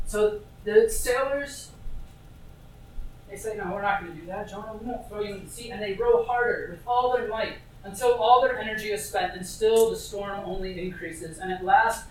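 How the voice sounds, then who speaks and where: Chatty preacher in a very echoey hall. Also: mid-range voice. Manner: chatty, with many fillers and asides to the audience. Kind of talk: casual conversational sermon. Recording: very echoey, distant, faint hiss.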